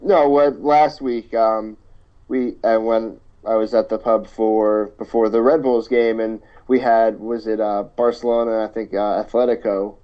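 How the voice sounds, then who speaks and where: A man co-hosting a podcast in casual soccer chat, halting and hesitant with many ums. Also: lowish voice, steady tone. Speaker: podcast co-host. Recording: dull lo-fi line.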